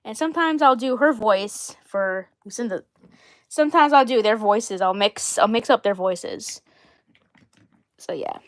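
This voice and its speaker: A woman with a fairly high voice talks on her own live stream in a loose, casual way. She rambles and circles back, repeating the same phrases again and again. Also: animated, measured pace. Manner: rambling and repetitive. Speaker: channel host.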